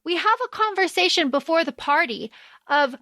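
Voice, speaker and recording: A woman co-hosting a podcast, chatting casually and acting out quotes in an animated way. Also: very high voice, dry recording. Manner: animated, quick, acts out quotes. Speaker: podcast co-host. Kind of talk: casual book discussion.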